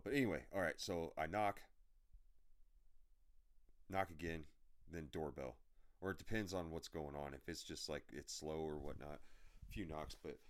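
Low-voiced guy on his podcast, swearing a lot, rambling through delivery stories. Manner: profane, blunt storytelling with frequent filler. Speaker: podcast host and delivery driver. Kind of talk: rambling anecdotal podcast chat.

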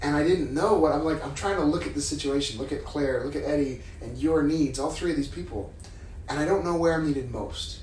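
A man's voice: a little high, brisk, a little mellow. Candid man in a roomy, far-off room. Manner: candid, laughing, swears freely. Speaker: podcast co-host. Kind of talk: casual couple chat. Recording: roomy echo from off-mic, faint noise.

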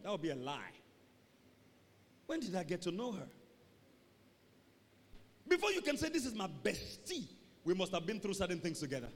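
A male pastor preaching a call-and-response sermon, swinging between loud emphatic calls and low asides. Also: huge pitch swings, moderate pace, long pauses. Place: church sanctuary. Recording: reverberant church hall, faint noise.

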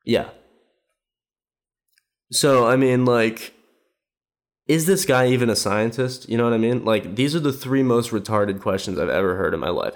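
A man ranting in casual commentary, sarcastic and rambling with many fillers, mocking what others said. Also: medium pitch. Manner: mimics quoted speech with raised voice.

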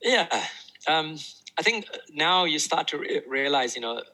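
A man, a maths teacher who tells stories in a relaxed interview and often restarts his sentences. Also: on the high side, measured pace, rough recording. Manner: animated anecdotes with many restarts. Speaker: maths teacher and tutoring YouTuber. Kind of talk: casual storytelling interview.

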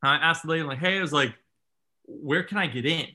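Man, casual storyteller, lively quoted voices, bright and forceful tone. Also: fairly high pitch, brisk. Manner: animated, self-mocking storyteller acting out quotes.

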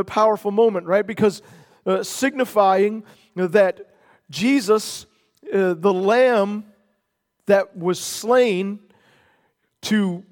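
A man preaching a sermon as pastor, earnest, stretching key words slowly for emphasis. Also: sits high, darkish tone. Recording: long hall reverb.

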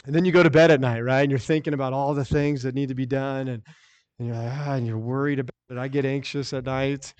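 A man's voice: medium pitch, level tone, a little fast. A man preaching a sermon as pastor, earnest and repetitive, often restarting his phrases.

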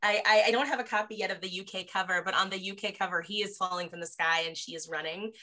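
Woman author guest, bright tone, chatty and laughing. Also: medium pitch, steady tone, fast talker. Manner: chatty, laughs often, many fillers. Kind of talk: casual podcast chat.

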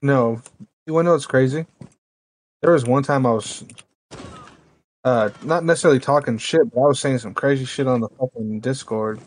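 A man's voice: mid-range voice, normal speed, long pauses, low-quality recording. A young man co-hosting a podcast in casual chat, blunt and profane as he tells stories. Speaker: podcast co-host.

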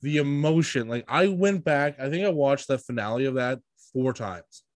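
A man co-hosting a podcast in casual chat, excitable and loose, with many fillers and swearing. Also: medium pitch, moderate pace, dry recording, clean studio sound. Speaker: podcast co-host.

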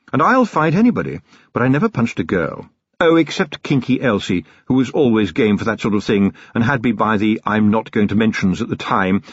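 Male reader as a calm, friendly, dangerous butler-brawler, lively and husky, muffled audiobook sound. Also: low-pitched, dry recording, pitched below the performer's own voice, full character voice. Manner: chatty, friendly, quietly threatening. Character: cheerful menacing male manservant, street fighter.

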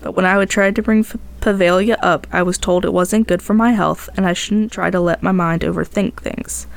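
A woman's voice: fairly low pitch, fairly even intonation, a little fast, gravelly. A woman podcast host narrating a tense first-person tale in a dramatic storytelling manner.

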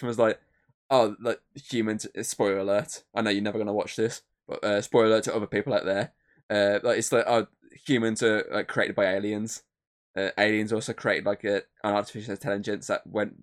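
A man co-hosting a podcast, chatting casually, rambling with lots of filler words and swearing. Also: fairly low pitch. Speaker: podcast co-host. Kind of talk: casual chat.

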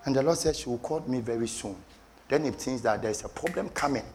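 A man preaching a sermon with passion, repeating phrases for emphasis and swinging from low murmurs to shouted peaks. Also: brisk, soft background music.

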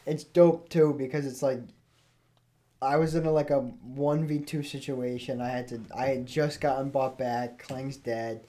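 Guy co-hosting a chill gaming podcast, animated storyteller, goes way up when he quotes people. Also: a little slow. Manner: acts out quotes loudly, big pitch jumps. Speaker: podcast co-host. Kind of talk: casual chat, animated gaming stories.

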